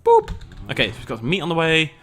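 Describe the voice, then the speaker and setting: A man's voice: on the high side, rapid-fire, pushed and bright. A man, hosting a let's play and giving casual, rambling gameplay commentary while chatting to his viewers. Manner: chatty, rambling, self-mocking, talks to viewers.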